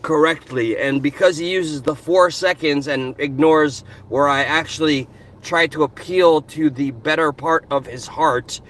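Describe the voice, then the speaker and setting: Man, high-pitched, animated, passionate rant, speaking into a phone in his car. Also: unhurried. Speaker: vlogger. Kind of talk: casual ranting commentary. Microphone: phone camera.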